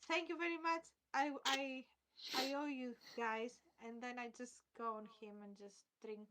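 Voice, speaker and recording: High-voiced woman playing a tabletop game. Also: steady tone, moderate pace, very noisy. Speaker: player. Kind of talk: casual tabletop game play. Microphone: headset.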